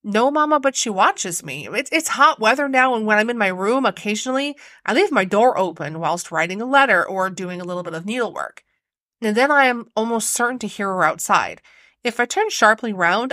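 A woman's voice: mid-range voice, very animated, moderate pace, bright, forceful tone, dry recording, studio quality. A woman voicing a young lady of the house in a storybook reading, uneasy and plaintive, with hesitant replies. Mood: fretful.

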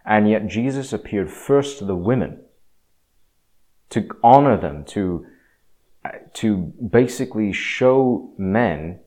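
A man giving a casual, rambling talk on faith, often restarting his sentences and swinging from quiet to emphatic. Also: on the low side. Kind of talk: casual religious monologue.

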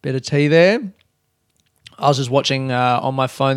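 A man talks alone into a podcast mic in his room, rambling from thought to thought and poking fun at himself, with the odd curse thrown in. His voice sits at an ordinary middle pitch. The sound is dry and close, with almost no room echo. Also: fairly even intonation, moderate pace, clean tone. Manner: rambling, self-mocking, swears freely. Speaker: podcast host and comedian. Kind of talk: casual solo podcast chat. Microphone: desk podcast mic.

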